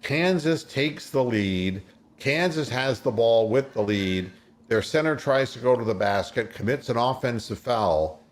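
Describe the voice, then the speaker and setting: A sports radio host in casual talk, retelling games play by play like a storyteller. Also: male voice, mid-range voice, animated, a little slow.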